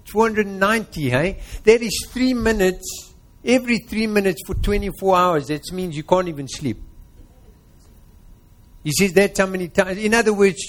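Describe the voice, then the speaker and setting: A man with a South African accent preaching a sermon, quizzing his congregation and retelling a parable. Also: high voice.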